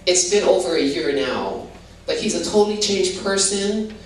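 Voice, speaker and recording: An older woman from Hawaii, a guest, gives her testimony in an animated, low-pitched voice at a moderate pace. She rambles casually, saying "you know" a lot and restarting sentences. The mic is distant in a roomy space, with faint background noise.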